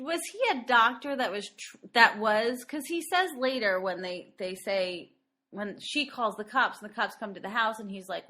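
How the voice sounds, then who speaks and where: A woman co-hosting a podcast, chatting casually and laughing easily as she talks over a film. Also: medium pitch. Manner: lively, chatty, quick to laugh. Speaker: podcast co-host. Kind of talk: casual movie-review chat.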